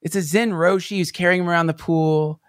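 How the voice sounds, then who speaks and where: A man's voice: high-pitched, steady tone, a little fast, a bit bright, dry recording. A man on a podcast telling a personal story, rambling with many restarts and fillers, sometimes close to tears. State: near tears at times. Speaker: podcast guest.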